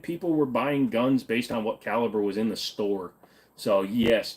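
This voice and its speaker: A man's voice: mid-range voice, a little mellow. Young guy from virginia doing a casual livestream, blunt and offhand, cusses a bit, normal mid voice. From Virginia, USA. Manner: blunt, off-the-cuff, swears casually. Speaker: livestream host. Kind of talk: casual livestream chat reading comments.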